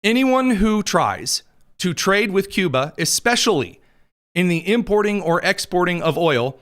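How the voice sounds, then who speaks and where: A slightly high-voiced man hosting a news show from a studio mic. He runs through the headlines with wry, sarcastic asides and chuckles at his own jokes, his throat a little dry. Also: lively intonation, a little slow, a bit bright. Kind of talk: sarcastic political news commentary.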